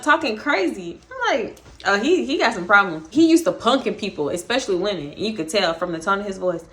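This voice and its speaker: A young woman telling a storytime vlog, animated and profane, breaking into laughter. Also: fairly high pitch, a little fast. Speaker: vlogger, storytime host.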